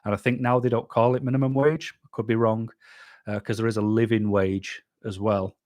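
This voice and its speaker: On a casual live stream, an English YouTube host reads out what the chat says and answers bluntly, keeping things chatty. He speaks a little fast in a lowish, flat, darkish voice. No echo is audible.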